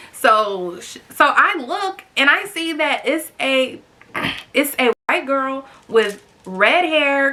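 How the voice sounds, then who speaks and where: A woman's voice: on the high side, pushed and bright. A young woman in her twenties chatting to camera, telling a story with lots of "like" fillers and asides to her viewers. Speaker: storytime vlogger.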